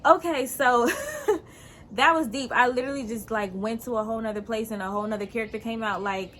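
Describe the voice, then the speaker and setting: A woman hosting her show, chatting casually to camera in an excitable way, laughing and addressing her viewers as "y'all.". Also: a little high, brisk, slight background noise. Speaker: host.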